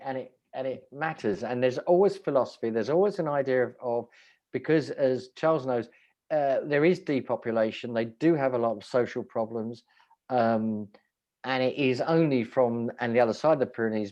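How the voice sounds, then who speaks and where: A man's voice: medium pitch, a little mellow, muffled recording. A man, a restaurant owner, telling wry rambling stories in casual chat, often breaking off and restarting. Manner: rambling, self-interrupting, wry.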